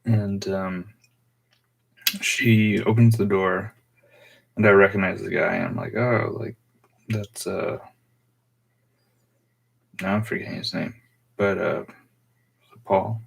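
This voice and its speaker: A young man telling a personal story on his vlog in a rambling, halting way full of fillers. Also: low voice, fairly even intonation, gravelly, breathy edge. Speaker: vlogger.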